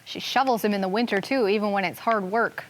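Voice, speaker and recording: A woman teaching a television classroom lesson for young children, reading a picture book aloud with expression and then explaining gently. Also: mid-range voice, brisk, slight background noise.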